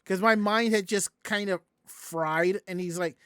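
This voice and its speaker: A man's voice: high voice, measured pace, hardly any pauses, clean tone, dry recording, clean studio sound. A man from the American South, hosting a casual podcast and telling a long story that acts out everyone's quoted lines. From Southern United States. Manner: animated, acts out quoted voices. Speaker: podcast host.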